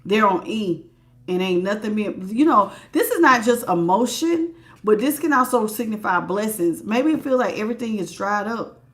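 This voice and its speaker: A woman's voice: mid-range voice, expressive, normal speed. A woman giving a live tarot reading, chatty and emphatic, greeting viewers by name and repeating words for stress. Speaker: tarot reader.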